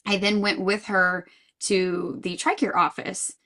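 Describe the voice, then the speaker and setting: A woman's voice: mid-range voice, level tone, unhurried, bright, forceful tone. A woman guest in a podcast interview, speaking earnestly and thoughtfully, often restarting her sentences. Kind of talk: casual interview chat.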